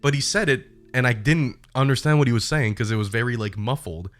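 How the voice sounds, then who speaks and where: A young man streamer casually retelling a bad trip, animated and profane. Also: medium pitch, brisk. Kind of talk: casual storytelling.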